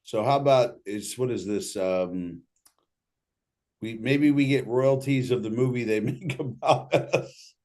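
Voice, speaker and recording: A man's voice: medium pitch, unhurried, darkish tone. A man hosting a casual livestream Q&A, reading out audience questions and joking between them. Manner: loose, joking, reads questions aloud.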